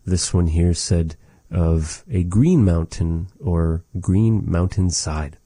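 Man, very low dark voice, unhurried patient teacher repeating words, dry close mic. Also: no room sound. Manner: slow, patient, repeats each word, folksy asides. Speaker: language teacher. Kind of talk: slow vocabulary lesson with repeated words.

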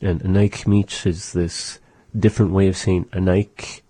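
A man's voice: low voice, little pitch movement, warm tone, slightly rough, no room sound. A man hosting a radio language lesson, patiently saying phrases and explaining their meanings. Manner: slow, patient, repeats phrases. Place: radio studio.

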